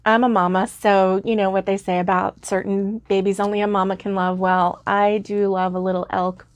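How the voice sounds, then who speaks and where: Speaking at a normal speed with a medium pitch that barely moves, this woman in her fifties rambles to her viewers about her crochet work from a home craft room. She giggles, leans on lots of fillers, and seems a bit drowsy, yawning now and then, with no echo on the audio.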